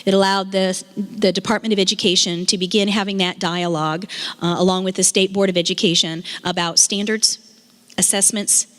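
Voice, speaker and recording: An earnest woman addresses a community meeting, building her points through repetition. Her voice sits at an ordinary middle pitch. A long reverb from the meeting hall trails behind each phrase. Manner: earnest, repeats phrases for emphasis. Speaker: state education official speaking at a meeting. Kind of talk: public speech.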